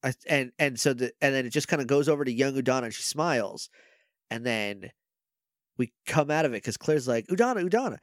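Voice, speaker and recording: A man's voice: medium pitch, fairly quick, dry recording, clean studio sound. A man co-hosting a podcast, chatting casually as he retells scenes with quoted voices and laughter. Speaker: podcast co-host. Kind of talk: casual recap chat.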